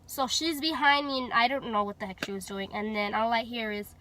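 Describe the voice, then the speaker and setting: A bright, high-voiced young woman from Houston, Texas, speaks briskly with fairly even intonation. As a vlogger casually telling her story, she's chatty, uses many fillers, and acts out quoted dialogue.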